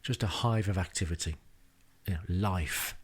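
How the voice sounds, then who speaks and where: A man's voice: low voice, moderate pace, slight background noise. A man hosting a podcast, narrating a travel diary in a dry, self-deprecating way with wry asides. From England. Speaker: podcast host. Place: rented home.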